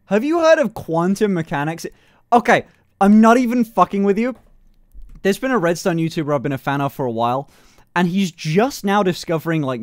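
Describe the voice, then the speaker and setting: A man's voice: sits high, dry recording, clean studio sound. A young man streaming live in casual chat, swearing freely, laughing often and testing out voices. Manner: swears freely, laughs a lot, playful voice experiments.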